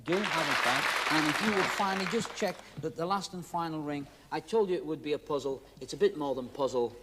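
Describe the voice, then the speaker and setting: A male magician hosts a 1970s TV show, walking audience volunteers through a trick with jokey, teasing patter. His voice sits on the high side and moves fairly quickly. A very noisy studio audience fills the background.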